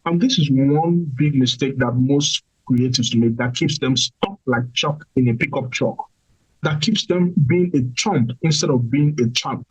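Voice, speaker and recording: Husky-voiced man giving emphatic motivational talk. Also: mid-range voice, muffled recording. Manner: emphatic, repeats key phrases. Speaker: motivational podcast host. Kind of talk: motivational sermon-style talk.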